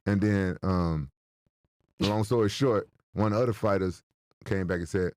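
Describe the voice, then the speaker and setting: A man and podcast guest telling stories in casual chat, loud and joking, who stammers and repeats words. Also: sits low, moderate pace, a little hiss or hum. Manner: loud storytelling with jokes and laughter. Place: indoor podcast studio.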